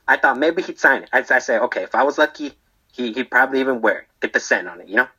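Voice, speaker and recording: A man's voice: medium pitch, quick pace, sharp tone, husky, rough recording. A man playing a rambling, defensive barber in prison who tells his story in a comedy monologue and keeps tagging his lines with "okay?" and "right?". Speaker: storyteller being interviewed.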